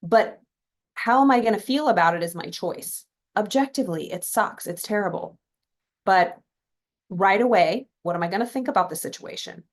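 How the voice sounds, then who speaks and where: A woman's voice: mid-range voice, normal speed. A woman from California hosting a podcast, telling a story in a casual, chatty motivational talk full of fillers and asides. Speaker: podcast host.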